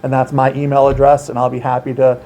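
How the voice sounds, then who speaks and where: An earnest man explains prevention steps and training in an interview, leaning hard on key words. His voice is warm and mellow, and it sits in a middle register. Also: medium pitch, monotone, quick pace. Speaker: outreach coordinator at a children's center. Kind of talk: informational interview.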